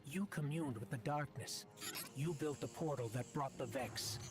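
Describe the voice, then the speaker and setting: A man's voice: mid-range voice, moderate pace, natural voice. An actor playing a male video game character who confronts an AI with firm, accusing lines. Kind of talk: video game cutscene dialogue. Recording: voice over game music.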